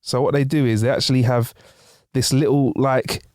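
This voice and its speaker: A man's voice: mid-range voice, steady tone, normal speed, a little mellow, no room sound, studio quality. A young man co-hosting a podcast, casually sharing facts and laughing often. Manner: laid-back, sharing facts with frequent laughs. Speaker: podcast co-host. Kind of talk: casual chat.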